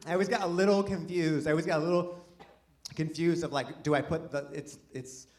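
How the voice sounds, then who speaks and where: Guy doing standup, rambly and self-deprecating, kinda high voice, noisy room w laughs. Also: steady tone, fairly quick, a little mellow. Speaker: stand-up comedian. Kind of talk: stand-up comedy set. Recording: live venue with audience laughter.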